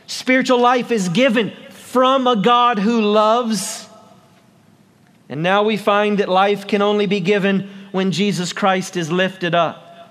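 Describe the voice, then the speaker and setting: A man preaching an Easter sermon outdoors, pitched high for a man and drawing his words out slowly. He leans on emphatic stresses and repeats his phrases as he builds. His voice carries in the open air. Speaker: pastor. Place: outdoors on a town square.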